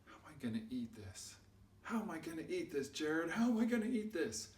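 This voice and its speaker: A man voicing his excitable adult friend, who anxiously pleads over strange food and then eagerly schemes. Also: a little high, a little fast, voice pushed up. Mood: pleading. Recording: roomy sound from a distant mic.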